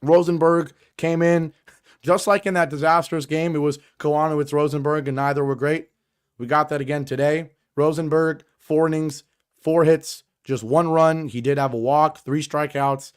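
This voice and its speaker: A man with a raspy voice, hoarse from a cold, hosts a sports podcast. His fairly high voice drives through emphatic, exasperated commentary. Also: steady tone, normal speed. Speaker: podcast host.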